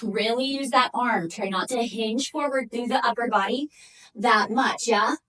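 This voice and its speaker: Higher-voiced lady counting reps thru a pilates workout, kinda puffed, mic sits back a bit. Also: a little slow, a bit bright. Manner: upbeat coaching, counts down reps while exercising. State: breathing hard from exercise. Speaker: Pilates instructor. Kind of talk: workout instruction. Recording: distant from the mic.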